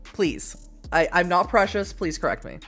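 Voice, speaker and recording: A woman from Massachusetts reads a text game aloud for her stream. She breaks off into giggly, self-deprecating asides to her chat. Her voice is low-set and swings widely in pitch. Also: animated, moderate pace, a bit bright, soft background music. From Massachusetts, USA. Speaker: streamer reading an interactive novel.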